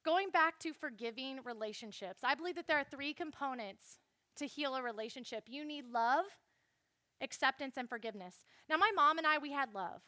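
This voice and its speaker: A young woman giving a chatty, animated Bible lesson to a youth group and speaking straight to the listeners. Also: high-pitched, normal speed, no echo, clean studio sound. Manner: chatty, animated, addresses the audience directly.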